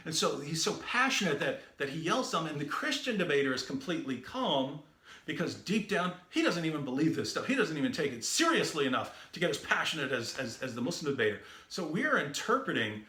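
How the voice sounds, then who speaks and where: A man who is a Christian debater, telling a story in a lively, animated way. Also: a little high, fast talker. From the West. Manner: lively and animated, acts out quoted voices. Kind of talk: storytelling talk. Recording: roomy echoey room.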